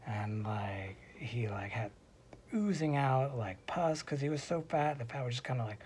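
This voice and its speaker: With a medium-pitched, darkish voice and lively intonation, a man tells a silly fairy tale at a moderate pace from a hospital room. His casual storytelling drifts into asides and sometimes drops to a whisper. A little hiss or hum is audible.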